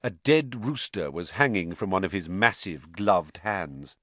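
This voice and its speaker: Guy reading a story out loud, really animated voice, dead dry studio mic. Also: deep voice, a little slow, no room sound. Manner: expressive storytelling. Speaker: audiobook narrator. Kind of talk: scripted narration.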